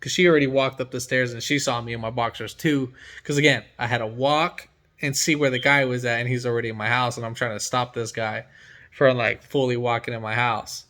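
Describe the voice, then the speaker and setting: A man's voice: medium pitch, fairly even intonation, brisk, pushed and bright. A man who works as a mechanic from home, telling a story in casual chat and acting out his own reactions with energy.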